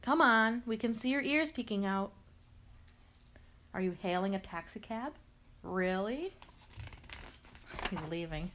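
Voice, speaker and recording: A woman's voice: mid-range voice, expressive, slow pace, long pauses, a bit bright, slight background noise. A woman reading a picture book aloud, talking playfully to the character and adding sound effects. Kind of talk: expressive read-aloud to a character.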